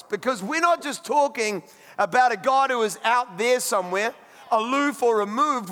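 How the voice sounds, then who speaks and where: A pastor preaching a sermon in a conversational, emphatic way, with friendly asides. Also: male voice, very high-pitched, sharp tone, long reverb tail.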